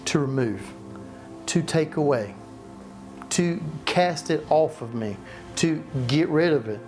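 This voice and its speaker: Passionate pastor preaching. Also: male voice, on the high side, lively intonation, a little slow, darkish tone, soft background music. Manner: passionate, repetitive restarts, rhetorical questions. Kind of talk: sermon. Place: church.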